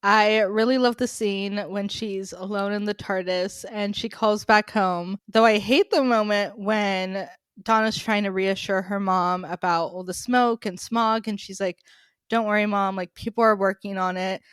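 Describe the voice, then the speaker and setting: A woman's voice: medium pitch, fairly even intonation, unhurried, fairly bright tone, clear, resonant tone, dry recording, studio quality. A young woman co-hosting a podcast in casual chat, gushing and laughing often as she talks. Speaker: podcast co-host.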